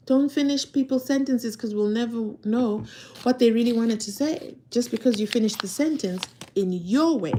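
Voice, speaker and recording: A woman chats casually on a phone live stream, her voice at an ordinary middle pitch for a woman. She jumps from loud, excited pleading to quiet, whispered asides. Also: a little hiss or hum. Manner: chatty, swings from loud excited pleas to soft whispered asides.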